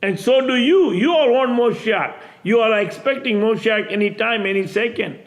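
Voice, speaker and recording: A man in his sixties preaching in a monologue to his viewers, emphatic and repetitive, with halting restarts. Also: high voice. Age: 60s. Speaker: self-proclaimed messiah addressing viewers.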